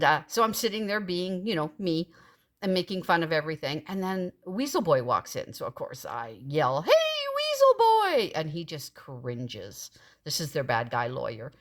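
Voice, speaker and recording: A middle-aged woman spins a casual story with a cheeky, irreverent edge. Her voice sits on the lower side for a woman, and her delivery is animated and storytelling-driven.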